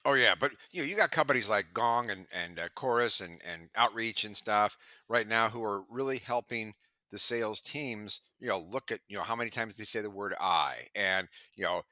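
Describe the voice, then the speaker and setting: A middle-aged man on a video call chatting in an interview, telling stories with lively acted-out quotes. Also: on the low side, normal speed, no echo. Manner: animated storyteller, acts out quoted voices. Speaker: sales trainer and podcast guest. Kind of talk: casual interview chat.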